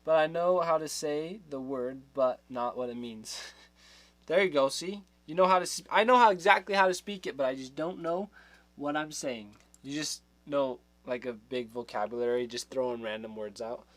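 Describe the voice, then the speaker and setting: A man's voice: mid-range voice, normal speed, fairly bright tone, dry recording. A man hosting a livestream, chatting casually with viewers, laughing often and trailing off mid-sentence. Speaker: livestream host.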